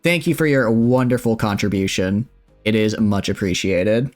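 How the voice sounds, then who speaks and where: A young man streaming a game, chatting with viewers in a relaxed, jokey way while he plans his builds. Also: on the low side, moderate pace, soft background music. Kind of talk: casual gameplay commentary chatting with viewers.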